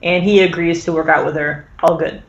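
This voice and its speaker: A woman's voice: on the low side, fairly even intonation, fairly quick. Chatty woman recapping in a roomy room. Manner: rambling recap full of fillers, acts out the characters' lines. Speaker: podcast host recapping an episode. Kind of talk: casual chat. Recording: roomy, dull lo-fi sound.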